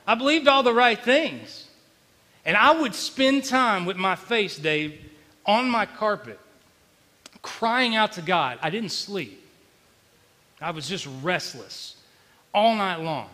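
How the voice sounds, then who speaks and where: A male pastor, preaching an emotional, confessional sermon that swings between quiet and loud. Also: high-pitched, animated, takes it slowly, pauses often, big-room sound. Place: church sanctuary.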